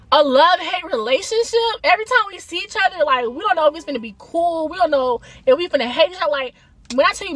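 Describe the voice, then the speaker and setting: A young woman with a bright, high voice tells a story straight to her viewers. Her delivery is animated and emphatic, full of casual slang. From Atlanta, USA. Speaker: vlogger. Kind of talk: storytime vlog, casual retelling.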